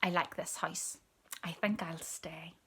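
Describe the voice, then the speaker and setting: A large, proud ginger tomcat grumbles to himself in a storybook, voiced by a woman reader. His lines come slowly and indignantly, in a husky, breathy near-whisper. He sounds sure he is the most important cat around. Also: on the low side, steady tone, a bit bright, heavily acted. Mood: contented.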